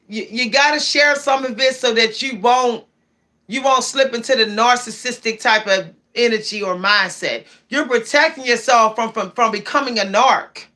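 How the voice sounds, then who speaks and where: A woman's voice: fairly high pitch, moderate pace, pushed and bright. A woman giving spiritual advice on her livestream, preachy and emphatic, often repeating key phrases. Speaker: spiritual streamer.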